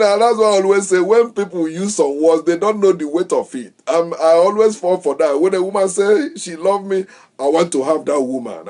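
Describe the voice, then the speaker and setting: A man giving his opinions in casual talk, lively, acting out the people he quotes and laughing often. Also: sits high. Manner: animated, acts out quoted voices.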